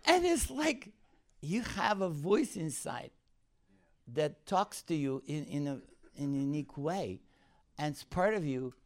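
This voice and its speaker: A man with a somewhat high voice tells a story from the pulpit in lively. He laughs often, jumps up in pitch when he gets worked up, and settles lower as he draws the lesson. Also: measured pace. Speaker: preacher telling a personal story. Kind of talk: anecdotal sermon.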